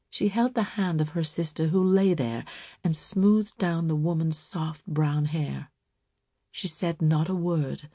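Woman narrator, slow measured reading, low mellow voice, dry close sound. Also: husky, dry recording. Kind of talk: storybook reading.

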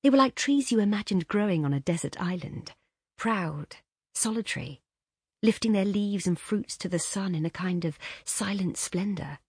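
A woman narrating a classic short story in an expressive, lilting way. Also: mid-range voice, normal speed, husky, no room sound, clean studio sound. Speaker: audiobook narrator. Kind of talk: scripted narration.

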